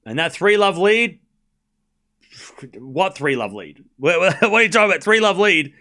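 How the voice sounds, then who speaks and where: A man hosting a live tennis watchalong stream, giving rapid play-by-play calls and joking sarcastically with his chat. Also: high-pitched, bright, forceful tone. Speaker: stream host and commentator.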